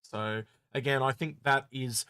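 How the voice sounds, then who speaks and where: This man, a gaming podcast co-host, mulls over viewer questions he reads out, his relaxed remarks frequently trailing away. His medium-pitched voice is a little slow and clean-toned, without echo.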